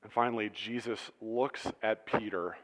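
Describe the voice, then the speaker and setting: A man's voice: fairly low pitch, steady tone, moderate pace. A male pastor preaching a sermon in a church, retelling a story conversationally with humorous asides. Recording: reverberant church hall.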